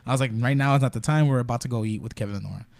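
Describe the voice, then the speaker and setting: A man's voice: mid-range voice, racing, creaky, darkish tone, no echo. A young man talking casually on a podcast, telling a rambling, profane story full of fillers. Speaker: podcast guest. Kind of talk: casual chat.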